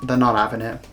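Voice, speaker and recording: A man hosting a refereeing round-up show, talking casually with jokey, self-deprecating humour. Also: mid-range voice. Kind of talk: casual comedic monologue.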